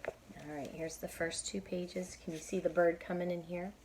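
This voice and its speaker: A woman reading a picture book aloud to children, pausing to ask them questions and point out words. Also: on the low side, fairly even intonation, a little hiss or hum. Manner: bright, encouraging, asks kids questions.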